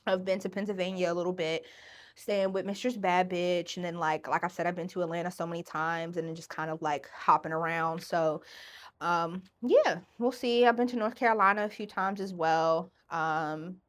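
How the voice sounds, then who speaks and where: A woman hosting her own podcast in a casual solo monologue, animated and profane, often acting out other voices. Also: on the low side, normal speed. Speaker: podcast host.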